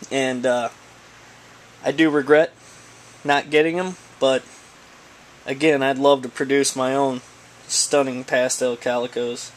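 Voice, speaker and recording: A man's voice: mid-range voice, a little hiss or hum, low-quality recording. A man chatting casually while unboxing, rambling and stammering with many hesitations as he talks about breeding snakes.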